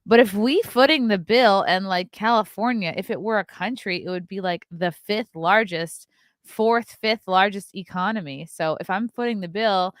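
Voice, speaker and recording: A woman's voice: on the low side, fairly bright tone, no echo, studio quality. A woman hosting her own show, reading news stories aloud and breaking off for sarcastic, profane, scornful asides. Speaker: host.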